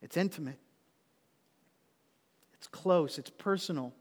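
Man, pastor, sermon, earnest, conversational, hushed at times, higher voice, long church-hall reverb. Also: takes it slowly. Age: adult. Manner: earnest and conversational, dropping to a hush for tender points.

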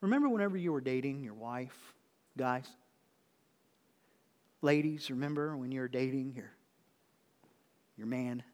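A man preaching a sermon to his church in an earnest, conversational way, sometimes dropping to a hush. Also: mid-range voice, long reverb tail. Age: adult. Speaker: pastor.

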